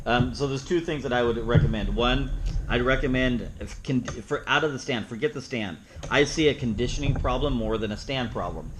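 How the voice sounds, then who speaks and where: A man's voice: medium pitch, fairly quick, background noise. Man teaching a dog training seminar. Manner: plain-spoken, acts out the dog's thoughts in playful asides. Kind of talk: seminar teaching with live demonstration.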